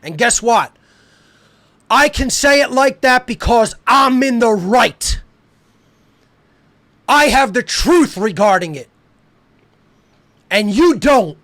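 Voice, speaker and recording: A male podcast host delivering an angry, profane monologue, hurling repeated insults and shouting at times. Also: very high-pitched, lively intonation, slow pace, long pauses.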